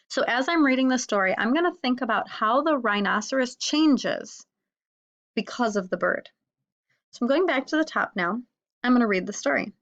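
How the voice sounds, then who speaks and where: A woman's voice: fairly high pitch, fairly bright tone, lo-fi sound. Patient woman teacher reading aloud. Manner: patient, step-by-step explaining. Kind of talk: recorded reading lesson.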